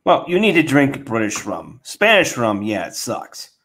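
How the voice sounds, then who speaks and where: A man co-hosting a podcast in casual chat. He talks with confident insistence, and his pitch rises and falls a lot, at a middle pitch for a man. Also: wildly swooping pitch, measured pace, a bit bright, slightly rough. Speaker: podcast co-host.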